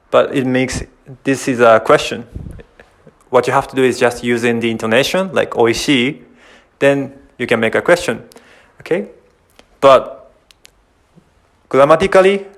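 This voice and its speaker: A man with a Japanese accent, teaching a casual online language lesson and repeating example phrases as he explains. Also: mid-range voice. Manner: repeats phrases, restarts sentences while explaining.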